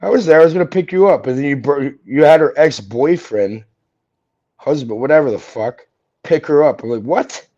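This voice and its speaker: A slightly high, mellow male voice at a moderate pace confronts an opponent in a furious, profane livestream argument. The recording sounds dull and lo-fi.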